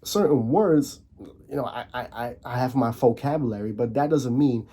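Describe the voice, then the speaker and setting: This man from the Netherlands, a commentary vlogger, speaks in a mellow, husky mid-range voice at a moderate pace. His casual on-camera rant is repetitive, full of restarts and rhetorical questions.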